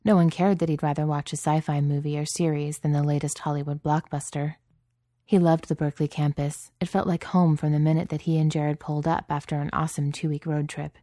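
A woman reading a story aloud in calm, even narration. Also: deep voice, a little fast, no echo, clean studio sound. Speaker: audiobook reader.

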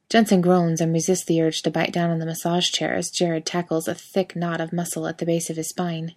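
Steady low-voiced woman narrating fiction. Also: fairly quick, hardly any pauses. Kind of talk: audiobook fiction reading.

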